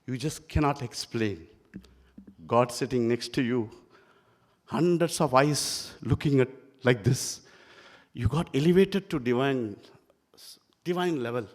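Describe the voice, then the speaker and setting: A man, giving a devotional talk full of animated personal stories. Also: medium pitch, measured pace, long pauses. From India. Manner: animated storyteller, acts out dialogue. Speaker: spiritual speaker. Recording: long hall reverb.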